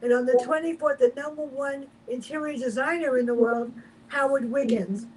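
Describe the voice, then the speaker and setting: A woman with a high voice but a mellow, dark tone, hosting the show and briskly announcing the guests coming up. She talks in a chatty way, and a faint noise sits behind her. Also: fairly even intonation, low-quality recording. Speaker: radio host.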